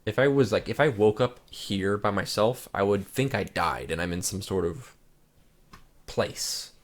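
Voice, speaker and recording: This channel host is a young man with a lowish voice who talks unhurriedly, loosely chatting about pictures he's reacting to. His relaxed, meandering talk is full of "like."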